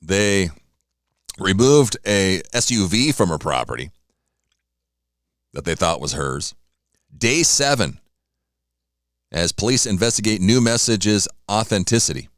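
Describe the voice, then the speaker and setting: This morning radio host has a lowish, fairly bright voice with big pitch swings, a measured pace, and frequent pauses as he chats casually on his own about sports scores and snacks, eating while he rambles. The studio sound is clean, with no room noise.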